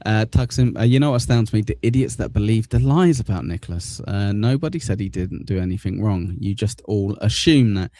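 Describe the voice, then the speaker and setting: Animated and brisk with few pauses, this man has a lowish, mellow voice. He hosts a casual livestream news show, reading viewer comments aloud amid jokes and crude insults. He speaks into a desk mic in front of a green screen.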